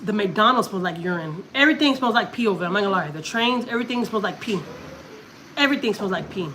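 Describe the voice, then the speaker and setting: A Texas woman talks loosely to her viewers, circling back and repeating herself as she tells a story. Her pitch sits at a middling level. Faint noise hums under the recording. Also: expressive, fast, a bit bright. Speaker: family vlogger. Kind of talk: casual live-stream chat.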